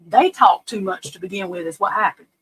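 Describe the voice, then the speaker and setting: A woman hosting a live stream, giving casual true crime commentary in a blunt, profane, animated way and often laughing. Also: medium pitch, brisk, rough recording. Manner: laughs often while telling stories. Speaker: livestream host. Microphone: webcam or desk mic on a live stream.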